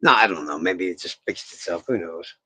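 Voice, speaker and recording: A man's voice: deep voice, expressive, fairly quick, pushed and bright, slightly rough, dry recording, rough recording. A male streamer in casual livestream talk who swears a lot and grumbles at his screen. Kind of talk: livestream talk, muttering to himself.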